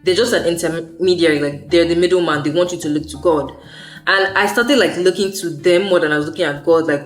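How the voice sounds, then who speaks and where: A young woman rambles through a personal faith vlog in a loose, slangy way, circling back on her own words. Her voice sits a little low for a woman. Soft music plays faintly behind her. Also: fairly quick. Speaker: faith vlogger. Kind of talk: casual faith vlog monologue.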